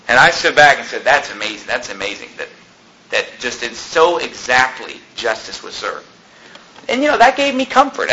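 A man's voice: on the high side, bright, forceful tone, slight background noise, rough recording. A man preaching a sermon as pastor, venting with rising indignation and mixing scripture with personal stories.

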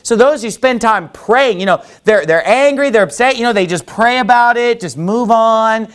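Delivering a conversational sermon, a man speaks in a very high-pitched, fairly bright, clear and resonant voice at a moderate pace. He wanders through it folksily, with many restarts, asides and repeated "you know."

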